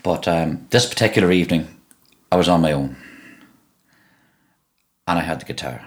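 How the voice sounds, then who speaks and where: A middle-aged Irish man with a Donegal accent, telling stories in an interview in a relaxed way, often repeating and restarting words. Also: sits low, moderate pace. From Ireland (Donegal). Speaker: musician guest. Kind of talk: conversational interview.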